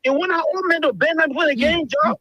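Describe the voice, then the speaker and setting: A man calling in to a radio show, speaking haltingly with repeated words and many fillers. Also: extremely high pitch, sharp tone, dull audio. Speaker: caller. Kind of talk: phone-in comment.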